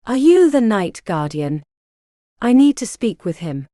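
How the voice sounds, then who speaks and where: A quiet, proud young woman at the end of her rope voiced by a woman reader, soft and restrained in a storybook. Her mellow voice rises and falls widely and moves slowly. Dry, close recording. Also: medium pitch, sing-song, no echo, pitched above the performer's own voice. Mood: hesitant.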